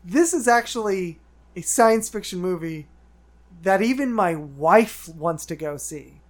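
A man's voice: sits high, animated. Guy in his 30s, podcast co-host, playful teasing banter at a table mic. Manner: playful, teasing, quick asides. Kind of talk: casual chat. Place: indoors at a shared table. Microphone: studio podcast mic.

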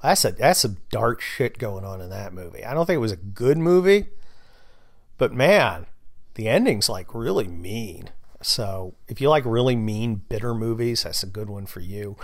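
A man hosting a casual podcast monologue, blunt and sarcastic, swearing freely and telling stories with growing excitement. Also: fairly low pitch, normal speed. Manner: animated storyteller, gets louder with excitement. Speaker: podcast host and novelist.

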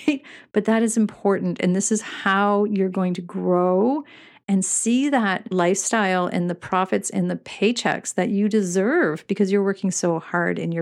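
A woman's voice: fairly low pitch, gravelly. A middle-aged woman hosting a podcast, talking in a chatty, earnest way about running a shop, with many fillers and frequent laughs. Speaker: podcast host and retail business coach. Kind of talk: casual podcast monologue.

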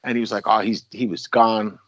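A man's voice: on the low side, flat delivery, a little fast, fairly bright tone, no echo, lo-fi sound. A man, a former police officer, casually telling a long story with many restarts and acted-out quotes. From United States.

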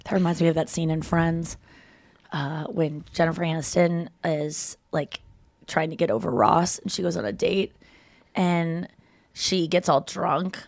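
A woman co-hosting a podcast in casual studio chat, telling stories in an animated way and laughing easily. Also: low-pitched, vocal fry, no room sound. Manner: animated storyteller, quick to laugh. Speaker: podcast co-host.

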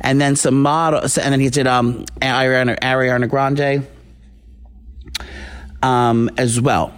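A man co-hosting a casual gossip podcast, telling stories in a loose, rambling way. He restarts sentences often and trails off mid-thought. His voice sits at an ordinary middle pitch. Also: level tone, unhurried, clean tone. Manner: rambling, many restarts and fillers. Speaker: podcast co-host. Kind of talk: casual celebrity gossip chat.

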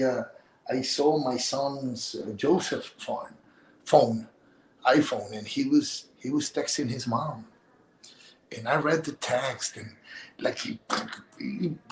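Emotional middle-aged man in echoey room. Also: a little high. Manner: halting, repeats words, voice drops to near whisper at times. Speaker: interview guest. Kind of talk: emotional interview talk. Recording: roomy echo.

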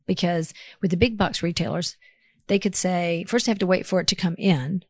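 A woman's voice: lowish voice, normal speed, darkish tone, slightly rough, dry recording. A woman co-hosting a radio podcast from a studio, giving direct, practical advice in casual chat. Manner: direct, advising.

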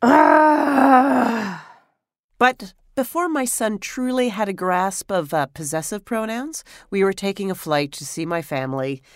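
A woman's voice: medium pitch, animated, moderate pace, hardly any pauses, no echo. Wry woman telling a story, dry sound. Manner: wry, self-mocking storyteller. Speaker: podcast host. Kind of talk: storytelling monologue.

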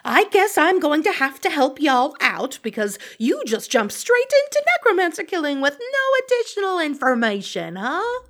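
A proud rescuer with a drawl and a fairly high, animated voice, played by a woman. She is condescending and sharp-tongued. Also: normal speed, exaggerated voice.

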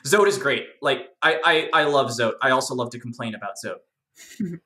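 Enthusiastic lore explainer for a podcast, rambling and chatty, sharp bright voice in a roomy space. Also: mid-range voice, moderate pace. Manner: rambling, enthusiastic, many fillers. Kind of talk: casual podcast chat.

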